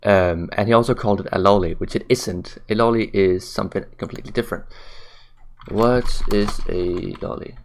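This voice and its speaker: A man's voice: fairly low pitch, normal speed, a little hiss or hum. A man ranting on camera in a blunt, profane, mocking way, tired late at night. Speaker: commentary vlogger. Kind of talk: ranting commentary.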